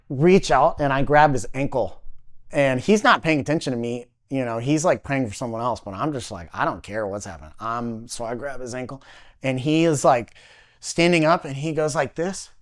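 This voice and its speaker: Man telling a vivid personal testimony. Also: mid-range voice. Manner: animated, halting, heavy use of "like" fillers. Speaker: podcast guest.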